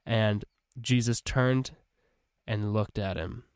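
A man's voice: fairly low pitch, takes it slowly, smooth, dry recording, clean studio sound. Young man reading scripture, casually. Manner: reads scripture then chats about it with fillers and self-corrections. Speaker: podcast host. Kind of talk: casual Bible reading and commentary.

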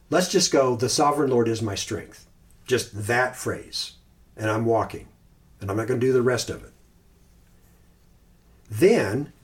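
A man hosting a podcast, talking casually and thoughtfully about Christian meditation, pausing and restarting, sometimes reciting phrases slowly. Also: mid-range voice. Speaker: podcast host.

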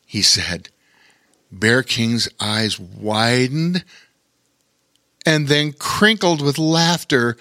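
A man narrating a children's story in an expressive, unhurried way. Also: mid-range voice, creaky, no echo, clean studio sound.

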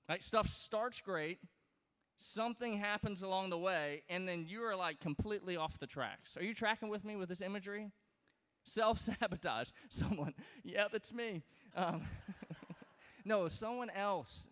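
A man from Louisiana, speaking, preaches to his congregation in a loose, joking, conversational way. His voice sits a little high and comes across smooth and resonant. The sound carries a long, reverberant tail from a large church hall. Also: a bit bright. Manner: conversational, joking, lots of fillers and restarts. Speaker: pastor. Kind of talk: sermon.

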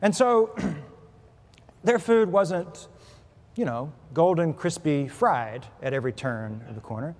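A man preaching a sermon as pastor, telling a humorous story with lively shifts in loudness and pitch. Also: takes it slowly. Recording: preached in a hall with long reverb.

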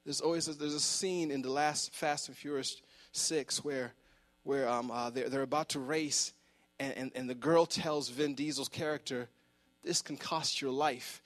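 A man's voice: mid-range voice, steady tone, moderate pace, fairly bright tone. A man preaching a sermon in a church, fervent and emphatic, repeating words as he presses his point. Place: church sanctuary.

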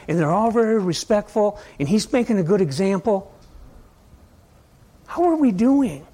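Guy preaching, kinda high voice, really animated, rambles and keeps asking the room stuff. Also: unhurried, breathy edge. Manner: conversational, asks the audience many questions; rambling, swings between loud and soft. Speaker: pastor. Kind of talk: sermon.

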